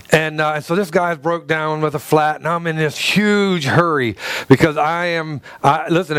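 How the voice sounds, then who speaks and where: Man, preacher, storytelling sermon, slightly high voice, dry sound, repeats words and restarts. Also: fairly bright tone, clean tone, no echo. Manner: acts out quoted dialogue in his stories.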